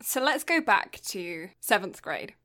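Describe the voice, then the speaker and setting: Bright-voiced rambling young woman. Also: medium pitch, unhurried. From Britain. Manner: rambling storyteller, animated and exasperated, many fillers. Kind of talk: casual chat.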